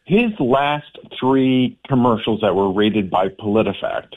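A man calling in to a talk radio show, politely asking a measured question. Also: fairly low pitch. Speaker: caller. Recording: tinny phone line.

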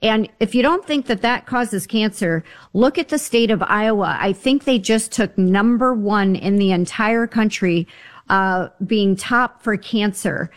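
A woman's voice: medium pitch, measured pace. A woman on a talk show, telling stories and giving health advice in a chatty, emphatic way. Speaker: guest health advisor. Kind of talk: casual radio talk.

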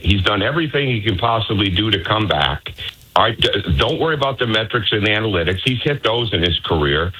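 A man's voice: on the low side, expressive, a little fast, pushed and bright, breathy edge, poor audio. A male basketball coach, a guest on sports talk radio, giving emphatic, insistent opinions.

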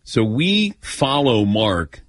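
Animated male radio sports host. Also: mid-range voice, slow pace, no room sound, studio quality. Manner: animated storyteller, acts out quoted voices. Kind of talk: casual radio talk and storytelling.

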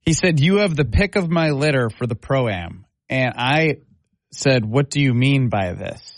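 A man's voice: mid-range voice, expressive, a little slow, dry recording. A man co-hosting a sports talk radio show, conversational and reading stats off an article. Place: radio studio.

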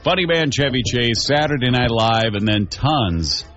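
A man's voice: medium pitch, lively intonation, measured pace, fairly bright tone, lo-fi sound, soft background music. A man hosting a radio show, chatting in a rambling, casual way. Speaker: radio host.

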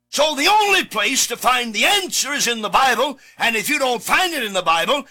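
High, bright-voiced emphatic male preacher. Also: animated, normal speed. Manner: emphatic, repeats key words, shouts for emphasis; reads scripture aloud in old Bible wording. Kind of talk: sermon.

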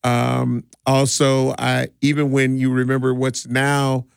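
A middle-aged man who works as a DJ tells stories in a relaxed, rambling way during a casual interview, with frequent restarts and laughs. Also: medium pitch, slow, vocal fry, clean tone, dry recording, clean studio sound. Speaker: DJ and community party organizer.

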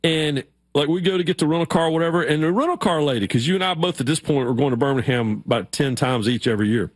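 A man's voice: fairly high pitch, fast talker, no echo, clean studio sound. A man hosting a sports radio show, telling stories casually and acting out quoted voices. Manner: animated storyteller, acts out shouted quotes.

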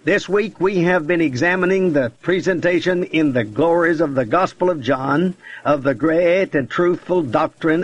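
A man's voice: fairly high pitch, normal speed, few pauses, dry recording. Oratorical male radio preacher, lo-fi. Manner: oratorical, emphatic lists. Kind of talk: radio sermon. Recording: dull lo-fi radio broadcast.

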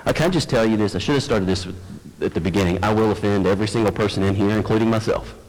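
A man's voice: fairly low pitch, quick pace, darkish tone. A man preaching a sermon as pastor, conversational and self-deprecating, addressing his congregation. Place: church sanctuary. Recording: long church hall reverb.

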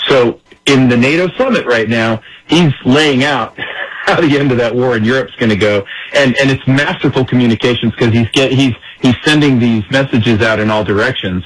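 A man's voice: medium pitch, moderate pace, breathy edge, rough recording. A man giving emphatic political commentary in an interview, acting out the words of others as he explains. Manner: emphatic, acts out quoted speech.

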